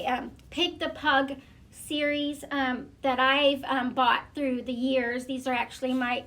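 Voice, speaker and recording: A woman school librarian reading a picture book aloud to children, gentle and hesitant, often pausing with fillers. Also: high-pitched.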